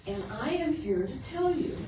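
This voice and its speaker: A middle-aged woman minister giving a storytelling sermon, lively when telling the story and soft and earnest when making her point. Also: sits high, normal speed. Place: sanctuary of a spiritual center. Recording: roomy, distant, with background noise.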